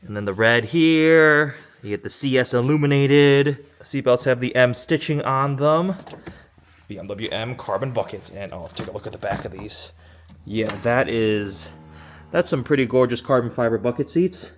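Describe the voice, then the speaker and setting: Excited male car vlogger, lively voice. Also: medium pitch, normal speed. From Michigan, USA. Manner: enthusiastic, chatty, rising excited exclamations. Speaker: car reviewer. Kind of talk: casual car vlog. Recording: noisy outdoor car recording.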